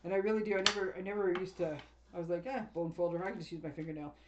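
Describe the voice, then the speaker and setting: A woman's voice: on the low side, fairly even intonation, rapid-fire, highs cut off, noisy background. A woman craft demonstrator chatting casually as she unboxes and sorts a paper craft kit, rambling and often laughing.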